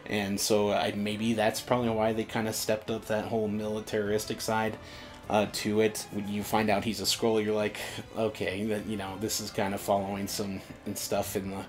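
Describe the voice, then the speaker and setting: Low-voiced man rambling casually. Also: completely flat delivery, moderate pace, soft background music. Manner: rambling, with many restarts and "uh"s. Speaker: co-host. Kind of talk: casual fan chat.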